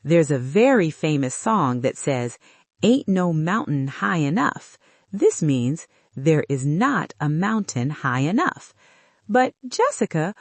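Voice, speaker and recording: Upbeat woman host, unhurried scripted English lesson, rather low voice, very dry. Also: no room sound. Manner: slow, careful and upbeat, with a very lively pitch. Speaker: English teacher and podcast host.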